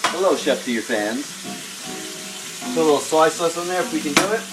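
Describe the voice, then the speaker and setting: Casting: male home-cook host, joking, loud catchphrases, clear music underneath. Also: a little high, animated, a little fast, low-quality recording. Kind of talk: casual live cooking show. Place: home kitchen with pan sizzling.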